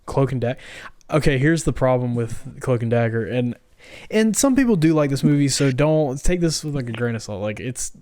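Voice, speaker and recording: A man's voice: medium pitch, animated, moderate pace, warm tone, dry recording, clean studio sound. A man co-hosting a podcast in casual chat, rambling and full of fillers. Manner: rambling, full of likes and ums. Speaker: podcast co-host. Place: home, on a live stream.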